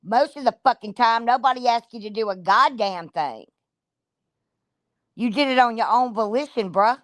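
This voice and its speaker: A woman ranting on a livestream, blunt and profane, cursing freely as she calls people out. Her voice sits a little high, and the sound is dry and close with no room echo. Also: moderate pace. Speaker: streamer.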